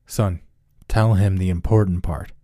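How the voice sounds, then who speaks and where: A man's voice: medium pitch, lively intonation, quick pace, dark tone, no room sound, clean studio sound, voice pushed up, lightly acted. A man voicing a smug, demanding middle-aged chancellor in a horror story reading, giving orders. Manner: commanding, demanding.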